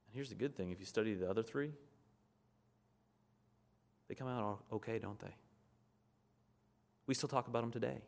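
Male preacher, low-pitched, earnest conversational sermon delivery. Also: moderate pace, vocal fry, pauses often.

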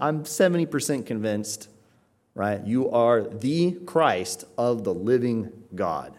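A man preaches slowly and expressively, full of emphatic conviction. He frequently asks "right?" and his voice shifts from low, quiet stress to raised emphasis.

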